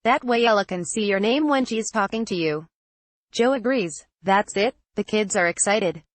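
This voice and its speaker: A woman reads a memoir excerpt aloud in a steady, measured way, keeping quoted lines close to her narrating voice. Her pitch sits in a middle range. The recording is close and dry, with no room sound. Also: dry recording.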